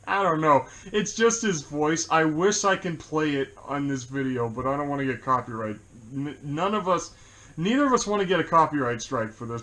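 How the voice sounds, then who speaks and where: Male co-host for a casual movie chat, rambling and quick to laugh. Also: on the high side, bright, forceful tone. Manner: rambling, laughs often, many fillers.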